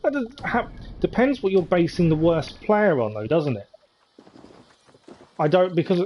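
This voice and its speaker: A man's voice: a little high, big pitch swings, unhurried, pauses often, darkish tone, a little hiss or hum, low-quality recording. A man chatting with viewers as he thinks aloud during a live-stream gameplay commentary.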